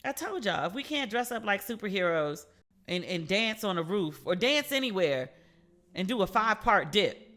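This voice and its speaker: A woman hosting a casual solo podcast, telling stories with playful, animated asides. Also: mid-range voice, normal speed. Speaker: podcast host.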